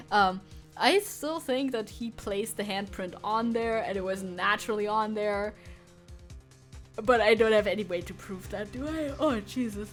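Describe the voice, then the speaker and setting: A woman streaming a video game, chatting casually and thinking aloud with quick self-corrections. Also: medium pitch.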